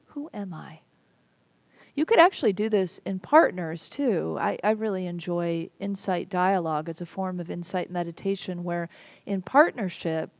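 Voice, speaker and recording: A woman pastor delivers a reflective, inviting sermon at an unhurried pace. Her mid-range voice carries a gravelly fry, and it is recorded close and dry with almost no room sound. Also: mid-range voice, a little mellow, no room sound.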